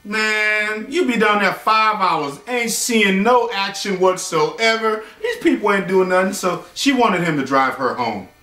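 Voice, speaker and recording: Jokey male storyteller, high and bright, slangy asides, echoey room, mic set back. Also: expressive, a little slow, hardly any pauses, distant mic. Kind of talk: casual bedtime storytelling with joking asides.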